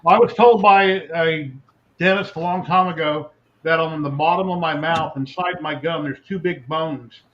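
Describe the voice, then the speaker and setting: A man's voice: fairly high pitch, fairly even intonation, moderate pace, fairly bright tone. Chatty man on a lo-fi stream. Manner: chatty, talks to the live chat. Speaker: podcast host. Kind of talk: casual chat. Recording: dull lo-fi with faint noise.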